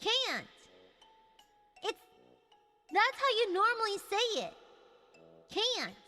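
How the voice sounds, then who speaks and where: A woman with a very high, bright voice hosts a casual livestream and reacts to chat with dramatic mock outrage and teasing insults. Her pitch swoops widely, even though she talks at an unhurried pace. She sits at a desk mic, with a long reverb on her voice and music playing behind her. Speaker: streamer host reading chat.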